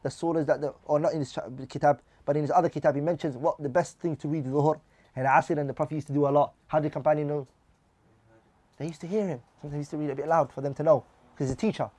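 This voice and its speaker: A man teaching a religious class at a brisk pace, in a voice pitched a little high. He reads out lines of Arabic and then explains them in English, often putting questions to his students. The sound is dry and close. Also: fairly even intonation, dark tone, no room sound.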